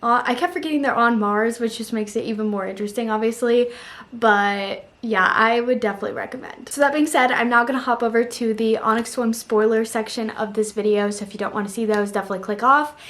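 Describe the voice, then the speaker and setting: A woman's voice: on the high side, steady tone, quick pace, a bit bright. A young woman talking casually about books she read, chatty and full of "like" fillers. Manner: chatty, emotional, frequent "like" fillers. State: tearful, on the verge of crying. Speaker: book reviewer. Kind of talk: casual book review vlog.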